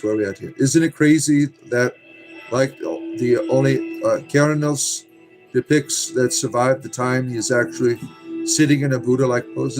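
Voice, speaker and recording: A man hosting a livestream, reading and answering viewer comments bluntly and sarcastically, cursing freely. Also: medium pitch. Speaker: livestream host reading chat. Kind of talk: casual livestream chat.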